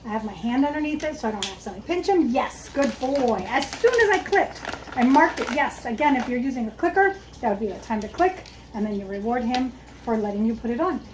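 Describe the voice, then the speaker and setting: High-voiced woman explaining dog training. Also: lively intonation, fast, background noise. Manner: explains step by step while working with a dog, praising it softly. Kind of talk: instructional demonstration.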